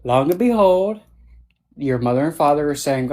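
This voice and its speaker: A man's voice: on the high side, lively intonation, normal speed, a little mellow. A man on a video call, a panelist telling playful, jokey stories and acting out the voices. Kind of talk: casual panel talk.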